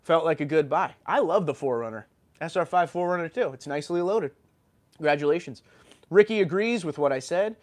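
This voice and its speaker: An opinionated man from New York rants on his livestream and answers viewer comments in a lively, animated way. His voice sits a bit high for a man, and a lingering sore throat roughens it. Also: a little fast. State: sore throat, just recovered from illness. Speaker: YouTube channel host.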